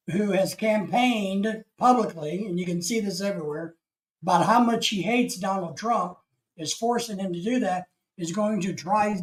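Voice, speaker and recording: A man from the United States with a high voice hosts a casual live stream, rambling through his opinions and reading chat comments aloud. The recording quality is low.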